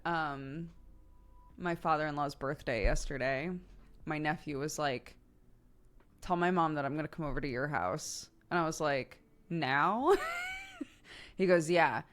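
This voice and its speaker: A woman, chatting casually on a live stream and telling family stories, laughing often and acting out other people's lines. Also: on the low side. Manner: animated storyteller, laughing often, acts out relatives' lines.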